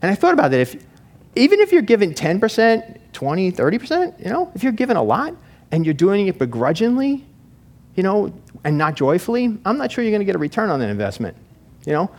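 A man's voice: high voice, wildly swooping pitch, fairly quick, darkish tone. A man preaching a sermon in a church, talking in a conversational way with restarts and asides. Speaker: pastor.

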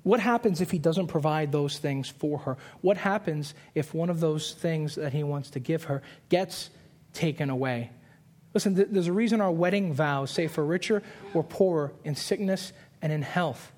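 A man in his twenties preaching a sermon, telling a story with animated voices and repeating key lines for emphasis. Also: fairly high pitch. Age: 20s. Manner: storytelling with animated put-on voices and quick asides.

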